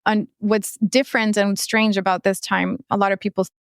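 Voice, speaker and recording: A woman in her thirties, a podcast guest, telling a hard personal story in a halting way, often searching for words. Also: mid-range voice, little pitch movement, gravelly, clear, resonant tone, no room sound, studio quality. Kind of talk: emotional interview storytelling.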